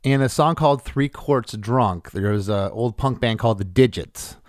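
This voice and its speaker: A man hosting a podcast, chatting casually about his punk band's recordings in a relaxed, rambling way. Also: mid-range voice, moderate pace, dry recording, clean studio sound. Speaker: podcast host and punk musician.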